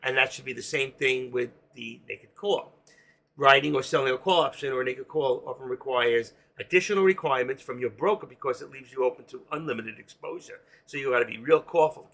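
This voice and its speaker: A man hosting a live trading stream, explaining options and telling animated, excitable stories about his own trades, swearing casually. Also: medium pitch. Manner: explains while drawing on a chart.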